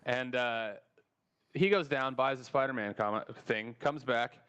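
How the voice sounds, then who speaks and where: A man hosting a casual podcast, telling stories in a profane, lively way and acting out the people in them. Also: mid-range voice, measured pace, clean tone, highs cut off. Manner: profane, animated storyteller who acts out quoted people. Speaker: podcast host. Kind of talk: casual storytelling chat.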